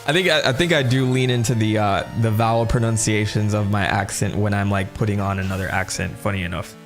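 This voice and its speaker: A man streaming a game and chatting casually, joking in quick asides. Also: lowish voice, steady tone, soft background music. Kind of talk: casual gameplay commentary.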